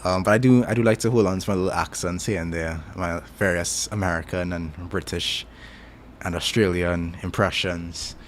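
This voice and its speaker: A man's voice: sits low, fairly even intonation, moderate pace, a little hiss or hum. A young man with a Trinidadian accent, casually chatting on a stream, rambling and self-deprecating with frequent chuckles. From Trinidad and Tobago.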